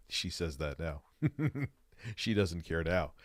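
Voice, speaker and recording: A man's voice: low-pitched, very animated, slow, no echo. Blunt, profane male streamer, dry sound. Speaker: streamer reacting to videos. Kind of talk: casual reaction commentary.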